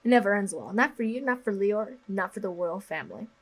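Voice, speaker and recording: A woman's voice: mid-range voice, brisk, lightly acted. A woman reading the lines of a blunt, dismissive young man from a story game. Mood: grim. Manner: curt, scornful lines read aloud.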